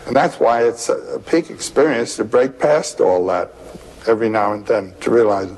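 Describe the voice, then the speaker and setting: An older man, a scholar giving an interview, speaking slowly and thoughtfully and sometimes intoning vowel sounds. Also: fairly low pitch, lively intonation, a little mellow, low-quality recording. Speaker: interview guest, mythology scholar. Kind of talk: reflective interview talk.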